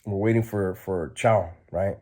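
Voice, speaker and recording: Low-voiced man telling a blunt street story. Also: steady tone, unhurried, warm tone. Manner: streetwise, blunt, filler-heavy. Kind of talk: casual storytelling.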